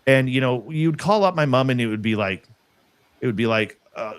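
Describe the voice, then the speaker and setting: A man earnestly telling a personal story in casual conversation, halting and restarting as he goes. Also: medium pitch, animated, smooth, dry recording.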